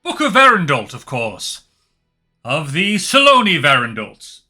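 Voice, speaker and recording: A man's voice: a little high, unhurried, soft background music, exaggerated voice. A man putting on a smarmy jolly hustler. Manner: oily, flattering, overly polite. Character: jolly, nervous, smarmy heavy-set human man hustler.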